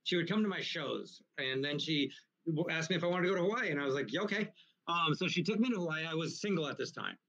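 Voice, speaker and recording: Brief: rambling, profane male comedian, bright voice. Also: fairly high pitch, fast. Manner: rambling, profane, animated anecdotes. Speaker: guest comedian. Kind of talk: casual storytelling in a live interview. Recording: muffled, lo-fi recording.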